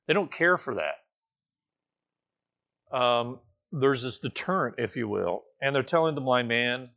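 A man's voice: medium pitch, animated, slow pace, gravelly, sharp tone. A man preaching a conversational sermon, correcting himself as he goes and rising now and then to emphatic, raised passages. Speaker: pastor.

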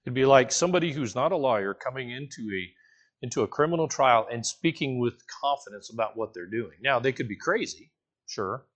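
A man, teaching a Bible passage to his congregation in a casual, animated sermon, asking the listeners questions and joking as he goes. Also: medium pitch, brisk, dull audio. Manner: casual, animated, asks the listeners questions, jokes, restarts often. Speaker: pastor teaching a Bible study. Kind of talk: conversational sermon.

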